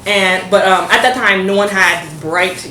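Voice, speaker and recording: A woman's voice: medium pitch, moderate pace, roomy sound, slight background noise. Young woman telling a laughing storytime. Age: young adult. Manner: laughing animated retelling with quoted voices. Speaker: storytime vlogger. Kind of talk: casual storytelling chat.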